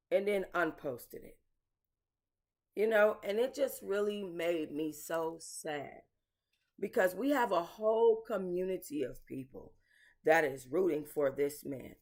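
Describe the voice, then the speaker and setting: This woman hosts a casual commentary channel, and her voice is lowish with a darkish tone. She's blunt and emotional with her audience, cursing freely and calling them y'all.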